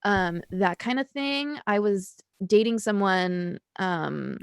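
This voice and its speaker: Uma mulher, convidada de um podcast, narra de forma franca e animada um caso pessoal numa conversa descontraída por chamada de vídeo. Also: female voice, medium pitch, takes it slowly, vocal fry, smooth, no room sound, studio quality. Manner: candid, animated storytelling with filler words. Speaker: guest. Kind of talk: casual podcast chat.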